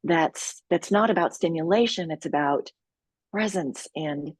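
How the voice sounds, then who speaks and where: A woman who leads healing retreats, talking calmly and earnestly as a guest in an interview, with measured pauses. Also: sits low, breathy edge, no echo. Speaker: sexual healing retreat leader.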